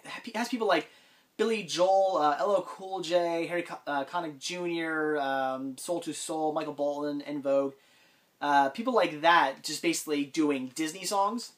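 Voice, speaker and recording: A man's voice: on the high side, normal speed. A man talking casually in a vlog about his haul, congested with a cold, rambling with frequent ums and restarts. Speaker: collector vlogger.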